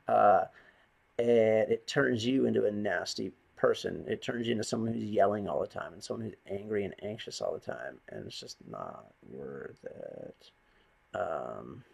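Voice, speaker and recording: A man's voice: lowish voice, gravelly, darkish tone. A man vlogging a bitter, rambling, profane rant to the camera. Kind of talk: ranting monologue to camera.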